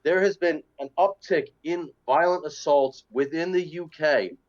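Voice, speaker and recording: A man co-hosting a talk show in casual chat, blunt and given to jokes. His voice sits a bit high. The recording is dull and lo-fi. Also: unhurried. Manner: blunt, joking. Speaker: podcast co-host.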